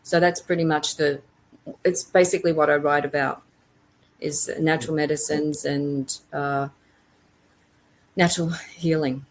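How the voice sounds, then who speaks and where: A woman's voice: low voice, level tone, measured pace, pauses often. A woman author speaking as a guest in a casual interview, reflective, often trailing off and restarting her thoughts.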